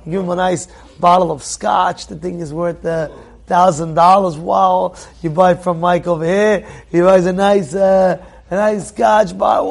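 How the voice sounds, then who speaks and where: A man giving a sermon as a rabbi, animated, acting out little dialogues and repeating phrases. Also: high-pitched, a little slow, creaky. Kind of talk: sermon with storytelling.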